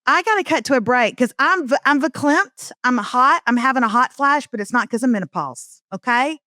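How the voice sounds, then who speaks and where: Animated woman, talk-show host. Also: high-pitched, brisk, no echo, clean studio sound. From Southern US. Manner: animated, joking. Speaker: podcast host. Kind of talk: casual comedic chat.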